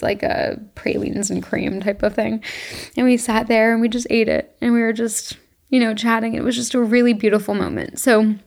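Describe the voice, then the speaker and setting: A woman's voice: on the high side, creaky, darkish tone. A young woman from Canada, hosting her own podcast, tells a personal story in a reflective, emotional way and laughs often. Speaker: podcast host. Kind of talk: casual solo monologue.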